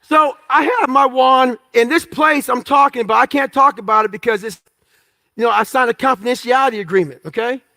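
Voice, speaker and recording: High, gravelly man telling blunt stories. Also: brisk, sharp tone. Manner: blunt, profane, candid; acts out quoted dialogue in story. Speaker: motivational speaker. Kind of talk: storytelling talk to an audience.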